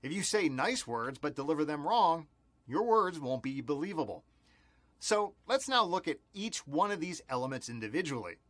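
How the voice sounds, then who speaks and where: Lively-voiced male service trainer. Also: fairly high pitch, moderate pace, dry recording. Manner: clear, explanatory, stresses key words. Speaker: instructor. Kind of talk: scripted training narration.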